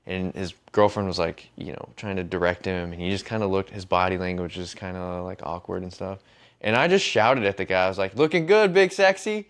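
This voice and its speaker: A man's voice: deep voice, brisk, clear, resonant tone. A man hosting a podcast, chatting casually, telling stories and swearing freely. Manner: swears freely and tells stories with relaxed energy. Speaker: podcast host.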